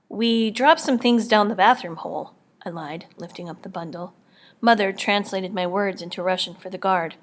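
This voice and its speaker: A woman reads a first-person story aloud in a quiet, measured way, often dropping close to a whisper. Her pitch sits in the middle of the range. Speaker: audiobook reader. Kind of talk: first-person audiobook narration.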